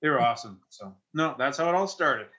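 A Canadian man in his forties, a firefighter, telling an emotional personal story in an interview in a halting way, with many restarts. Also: fairly high pitch, big pitch swings, pushed and bright, highs cut off. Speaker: firefighter and investor.

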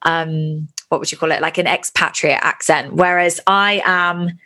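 A woman's voice: deep voice, fairly even intonation, a little slow, bright, forceful tone. A well-spoken woman from the UK with a posh southern English accent, a guest chatting casually in an interview over a video call and laughing easily. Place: Bali, Indonesia.

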